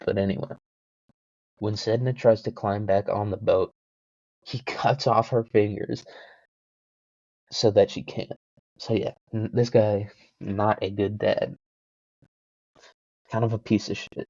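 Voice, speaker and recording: A man hosting his own podcast, rambling through a story with jokes and self-deprecating asides. His low, mellow voice comes through a dull, lo-fi home mic with a very dry sound. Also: steady tone, slow, creaky, pauses often, no room sound. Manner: joking, self-deprecating, full of fillers. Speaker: podcast host.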